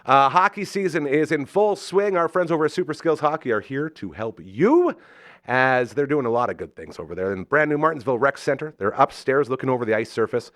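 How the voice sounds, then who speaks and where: A man hosting a live podcast, effusive and enthusiastic, swinging between loud excitement and soft sincerity while reading sponsor spots. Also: mid-range voice, brisk, dry recording, studio quality. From Canada. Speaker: host. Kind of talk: live podcast talk with ad reads.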